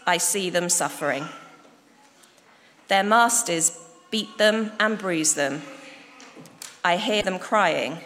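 A woman's voice: lowish voice, takes it slowly, long pauses, fairly bright tone. A woman voicing God, who speaks from a burning bush in a worship story, solemn and repetitive, in an echoey hall with faint noise.

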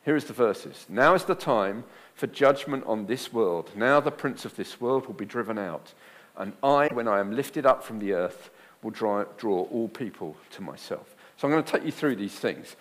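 Male preacher, sermon delivery, emphatic, loud-soft swings, repetition for emphasis. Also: mid-range voice, lively intonation, brisk. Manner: emphatic, rising to loud bursts then dropping quiet; repeats phrases for emphasis.

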